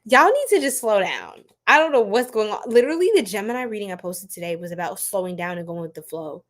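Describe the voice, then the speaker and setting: A woman's voice: mid-range voice, lively intonation, fast talker. A woman tarot reader, chatting and joking with viewers on a live stream and laughing often. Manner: laughing a lot, playful, chatty.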